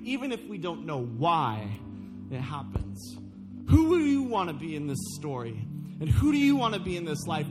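A man preaching a sermon in a church, earnest and emphatic, easing into a soft pleading tone with the congregation. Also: high-pitched. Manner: earnest, rising to emphatic, then softly pleading. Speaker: pastor. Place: church sanctuary. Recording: church service audio with music underneath. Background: worship music.

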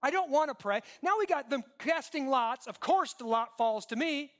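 A man's voice: very high voice, animated, normal speed, fairly bright tone. A male preacher voicing a sulky runaway prophet who grumbles in self-pity. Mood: grumbling.

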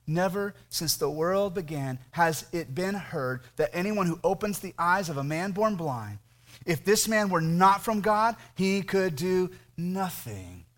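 A man's voice: high voice, expressive, a little slow. A man voicing a once-blind man who answers his questioners boldly and plainly. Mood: earnest.

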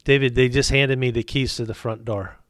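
A man's voice: medium pitch, fairly even intonation, a little fast, a bit bright, dry recording, studio quality. A middle-aged man, a business owner telling his faith story as a guest, acting out both sides of the dialogue. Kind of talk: storytelling testimony.

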